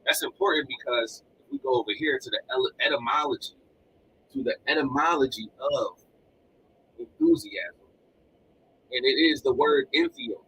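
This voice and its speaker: A man's voice: medium pitch, normal speed, long pauses, slight background noise, low-quality recording. A man hosting a live motivational podcast, talking energetically and repeating himself for emphasis. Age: adult with children. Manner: energetic, repetitive, animated delivery. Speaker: podcast host. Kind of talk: motivational live-stream talk. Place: home room with collectibles behind him.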